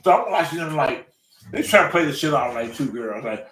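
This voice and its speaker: Older man in his sixties, animated and profane storytelling, lively pitch, roomy off-mic sound. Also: fairly quick, recorded from a distance. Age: 60s. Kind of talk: casual storytelling. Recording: roomy room, away from mic.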